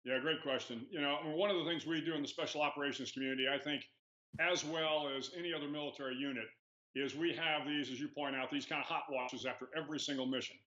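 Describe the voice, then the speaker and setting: A man in his sixties, a retired admiral, answering interview questions in a measured storytelling way with many "uh"s and "you know"s. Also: fairly high pitch, fairly even intonation, pushed and bright. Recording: echoey lo-fi remote audio.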